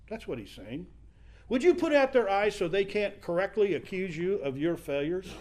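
A man's voice: high voice, darkish tone. A man teaching a Bible passage in a conversational sermon, acting out the quoted speakers as he goes.

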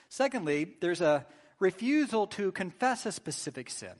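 Conversational preacher man, fairly high voice. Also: very animated, moderate pace. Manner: conversational preaching, frequent "right?" checks, acted-out sample apologies. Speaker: pastor. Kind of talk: sermon.

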